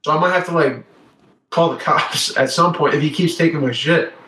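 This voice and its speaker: A man's voice: a little high, brisk, sharp tone. A young man in casual chat, rambling through stories in a slangy way, calling people bro and dude. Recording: echoey room.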